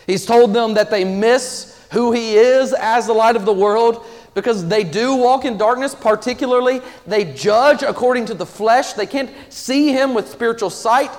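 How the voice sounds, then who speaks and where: A man's voice: extremely high pitch, normal speed, big-room sound. A man preaching a sermon as pastor of his church, earnest and conversational, asking his congregation many questions. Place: church sanctuary.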